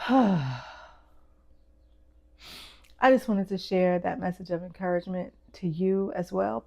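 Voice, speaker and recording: A woman's voice: on the low side, gravelly, mellow. A young woman who owns a fashion brand, telling a personal story in a casual, heartfelt way, full of fillers like "like" and "um". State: tearing up.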